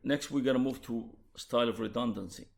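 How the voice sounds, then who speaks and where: Gravelly-voiced male lecturer with an Arabic accent. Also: medium pitch, a little hiss or hum. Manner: measured, explanatory, with restarts. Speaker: university lecturer. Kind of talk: recorded lecture on translation.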